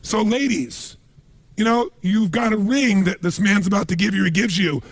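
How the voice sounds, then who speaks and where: Man as motivational speaker, high husky voice, animated storyteller. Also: normal speed, no room sound. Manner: animated storytelling with emphatic asides. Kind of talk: motivational seminar talk.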